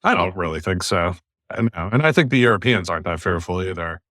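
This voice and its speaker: A man's voice: low voice, animated, fast, a bit bright, no echo, studio quality. An American man hosting a podcast, speaking bluntly and emphatically in long runs of argument over a remote call. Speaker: podcast host. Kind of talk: opinionated casual podcast talk.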